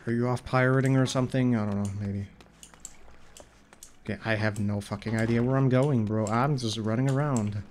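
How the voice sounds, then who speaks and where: In casual gameplay commentary, a streamer with a stuffy nose curses, rambles and gripes at his game. His mid-range voice has a darkish tone, fairly even intonation and a moderate pace, and it sounds nasal and congested. Slight background noise, faint game music and keyboard clicks can be heard.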